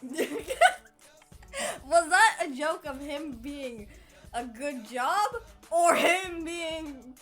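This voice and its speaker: A woman co-hosting a livestream in casual chat, giggly and animated. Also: high voice, extremely slow, soft background music. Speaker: co-streamer.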